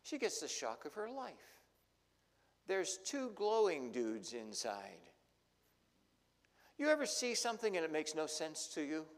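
A male pastor preaching a sermon, telling the story dramatically and swinging between loud and hushed. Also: fairly high pitch, wildly swooping pitch, a little slow, pauses often. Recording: long hall reverb.

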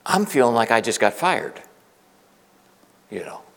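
Gravelly middle-aged preacher in a hall. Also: male voice, mid-range voice, sing-song, measured pace, a bit bright. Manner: earnest, conversational, with frequent restarts. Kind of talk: storytelling sermon. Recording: long reverb of a large hall.

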